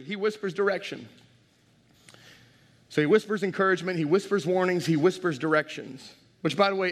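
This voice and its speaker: Middle-aged male pastor, high voice, energetic sermon, long church reverb. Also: gravelly. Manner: energetic, humorous, rising to shouts. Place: large church.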